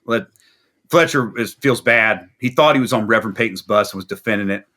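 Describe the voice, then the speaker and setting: In a fairly low, brisk voice, a male musician guest on a video interview launches into a long, rambling tale. He acts out each person in it, quoting them with animation.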